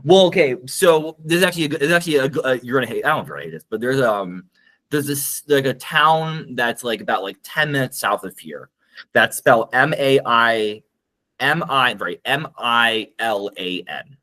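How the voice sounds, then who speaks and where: A man's voice: mid-range voice, expressive, pushed and bright. Guy co-hosting a chatty show, voice jumps all over, lots of likes and ums. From United States. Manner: rambling, halting, full of fillers. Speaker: podcast co-host. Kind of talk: casual chat.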